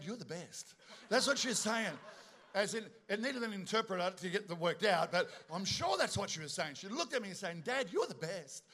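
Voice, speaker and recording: Middle-aged man, high-pitched, lively joking preacher working the room. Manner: animated, joking storyteller with asides to the congregation. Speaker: pastor. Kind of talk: sermon.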